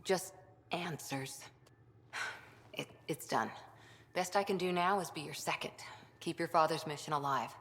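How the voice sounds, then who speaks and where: A low-voiced guarded commando. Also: female voice, measured pace, long pauses. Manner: calm, matter-of-fact, guarded. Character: reserved female biotic commando soldier. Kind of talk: video game dialogue. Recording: game audio with long reverb.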